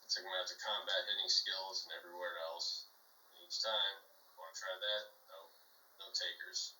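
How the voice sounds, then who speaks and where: A man's voice: deep voice, normal speed, pushed and bright, echoey room, far from the mic, slight background noise, rough recording. A man telling a long military joke casually on a video call podcast, rambling with fillers. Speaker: podcast guest or co-host.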